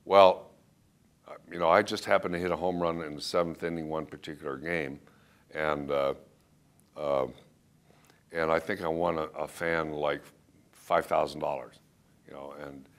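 Give me a very low-voiced man recalling an old game, halting and plain. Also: level tone. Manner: plain, hesitant recollection. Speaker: former ballplayer. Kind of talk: storytelling interview.

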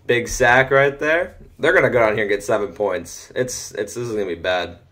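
A teenage boy casually commenting on a football video game from home, chatty, easily excited and often muttering to himself. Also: on the low side, moderate pace. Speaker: gaming commentator. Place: home room.

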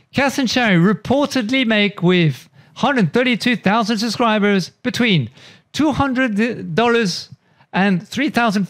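A man's voice: high voice, a bit bright. A man from France hosting a YouTube channel, chatting casually and enthusiastically, rambling and repeating himself. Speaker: YouTube host. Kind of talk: casual commentary.

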